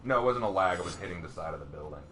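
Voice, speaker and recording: An excitable man talks over his live game, his pitch swinging widely as he taunts his rivals. A faint hum sits under his voice. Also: rapid-fire. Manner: excitable, taunts opponents out loud. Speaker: game streamer. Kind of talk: live gameplay commentary.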